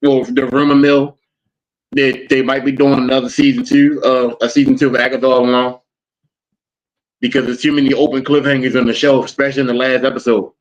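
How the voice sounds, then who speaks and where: A man in a mid-range voice talks steadily on a podcast and presses his points home. His audio sounds dull and lo-fi. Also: mid-range voice. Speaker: podcast co-host. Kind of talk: casual chat.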